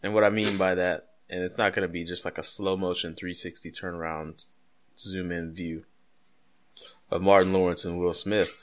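Low-voiced male co-host, loose and jokey, rambling delivery. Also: flat delivery, normal speed. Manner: joking, rambling, pop-culture asides. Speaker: podcast co-host. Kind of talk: casual chat.

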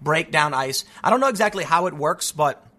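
Lively high-voiced man, sarcastic. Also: fairly quick. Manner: animated and sarcastic, with frequent mocking voices. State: stuffy from allergies. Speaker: political commentator. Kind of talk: casual opinion monologue.

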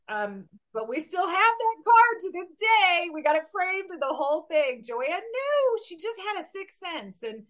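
A woman in her forties from Oregon, telling a personal story in a lively, animated way during a casual interview. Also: very high-pitched, measured pace, hardly any pauses. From Oregon, USA. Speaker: interview guest.

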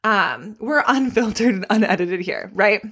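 A young pregnant woman hosting her own podcast in a casual, unedited monologue, chatty and candid with animated asides and casual swearing. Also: medium pitch, a little slow, breathy edge. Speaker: podcast host and fitness instructor. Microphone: podcast microphone.

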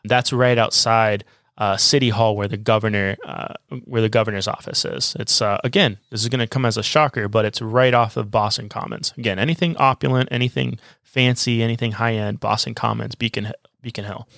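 A man's voice: fairly low pitch, fairly even intonation, brisk, creaky, fairly bright tone, no room sound, studio quality. A man co-hosting a casual travel podcast, recommending places to listeners with enthusiasm. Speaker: podcast co-host.

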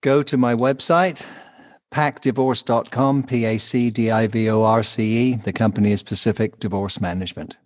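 A man's voice: mid-range voice, fairly even intonation, normal speed, no room sound. A man with a British accent, co-hosting a casual podcast chat with dry, self-mocking humor. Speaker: podcast co-host, divorce financial specialist.

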